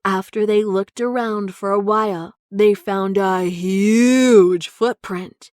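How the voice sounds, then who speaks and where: A woman narrating a children's story in a slow, clear storytelling way. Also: mid-range voice, steady tone, darkish tone, no echo.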